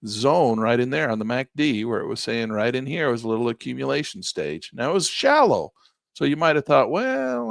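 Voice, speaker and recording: Male trading teacher, folksy and excitable, voice fading; animated pitch, dry sound. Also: vocal fry, no echo. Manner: lively, folksy, exclaims at good numbers. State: losing his voice. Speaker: trading instructor. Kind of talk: live trading lesson walking through charts.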